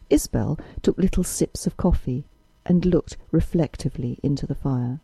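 A woman narrating a novel in a measured storytelling manner. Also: deep voice, vocal fry, warm tone, slightly rough, no room sound, rough recording. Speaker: audiobook narrator. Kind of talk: scripted narration.

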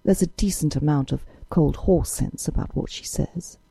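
Audiobook role: a woman doing a blunt young man, low-set and dark, plain-spoken and practical. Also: moderate pace, vocal fry, husky, no room sound, heavily acted. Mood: earnest. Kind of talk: audiobook character reading.

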